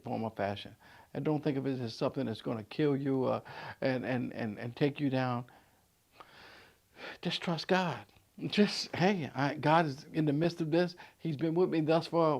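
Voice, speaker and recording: A man in his sixties, a pastor giving a vlog sermon, conversational with stammered restarts, swinging from loud emphatic peaks to soft low asides. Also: vocal fry.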